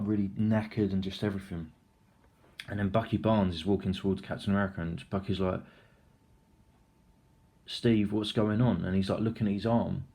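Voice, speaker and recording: A man's voice: on the low side, mellow. A young man casually recapping a film, rambling, swearing freely and acting out the scenes. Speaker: film reviewer.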